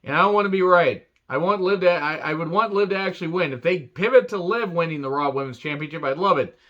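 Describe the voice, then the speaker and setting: A man's voice: fairly high pitch, fast talker, fairly bright tone, dull audio. A man casually recapping a wrestling show, rambling into crude jokes and sarcastic asides.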